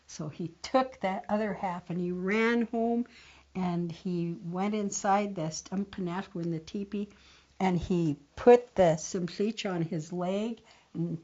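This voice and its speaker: Older lady telling an old story real slow, dull lo-fi sound. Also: a little mellow. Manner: unhurried, voices the characters with raised pitch. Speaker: tribal elder storyteller. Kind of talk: oral storytelling. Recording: dull lo-fi recording.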